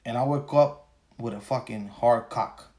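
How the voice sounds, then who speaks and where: A forties-aged man, tired from a long day on the job, rants crudely and profanely on his solo podcast, wandering from point to point. His pitch is medium, his pace measured, and his tone slightly mellow.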